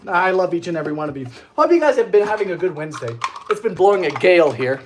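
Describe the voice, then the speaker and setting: A man's voice: high voice, fast talker, noisy background. A young man from Bermuda with a mild Bermudian accent, chatting theatrically and jokily while baking on a live stream. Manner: animated, theatrical, jokey. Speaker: baking show host.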